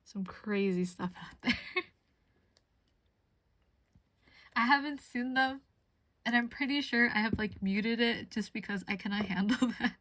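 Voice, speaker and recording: A woman's voice: on the high side, a little slow, pauses often, fairly bright tone, dry recording. A woman streamer chatting casually while crafting, giggly and laughing often as she tells stories.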